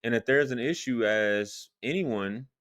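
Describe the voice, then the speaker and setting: A man's voice: medium pitch, unhurried, fairly bright tone, no echo, studio quality. A man giving opinionated reaction commentary on a video and speaking straight to his viewers. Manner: opinionated, addresses viewers directly.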